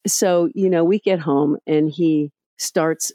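A woman's voice: deep voice, slow, no room sound, studio quality. Candid middle-aged woman telling stories. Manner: candid and animated, acting out past scenes. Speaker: guest, parenting educator. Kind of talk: casual storytelling in a podcast interview.

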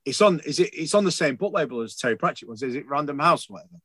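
A man's voice: a little high, animated, very fast, fairly bright tone, breathy edge, dry recording. A man chatting casually on a podcast, rambling and enthusiastic, swearing freely. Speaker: podcast co-host.

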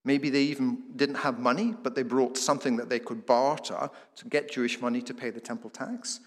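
A man's voice: mid-range voice, steady tone, brisk, long reverb tail. A man preaching a sermon, explaining the passage and posing rhetorical questions with occasional restarts.

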